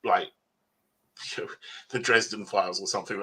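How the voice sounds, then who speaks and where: A man's voice: lowish voice, normal speed, pauses often, pushed and bright, slightly rough. A man, an author guest at a convention panel, talking in a rambling, self-mocking way and laughing often.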